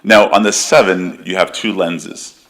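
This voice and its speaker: A man's voice: deep voice, steady tone, measured pace, fairly bright tone. A man hosting a live stream interview in an apartment, talking casually and hesitantly with many fillers.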